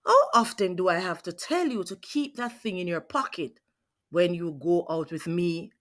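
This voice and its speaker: A woman reading aloud gives voice to a bossy, protective grandmother. She scolds in a quick, no-nonsense way, her pitch rising when she frets. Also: lightly acted. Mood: scolding.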